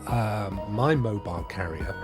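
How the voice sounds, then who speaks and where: A man's voice: on the low side, unhurried, music in the background. A man hosting a casual live stream, chatting upbeat and laughing often as he greets viewers. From England. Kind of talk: casual live chat, reading viewer comments.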